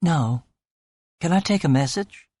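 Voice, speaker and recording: A man's voice: on the high side, expressive, a little slow, darkish tone, no room sound, studio quality, voice pushed up. A man voicing a polite secretary woman with a Southern US accent, brief and pleasant.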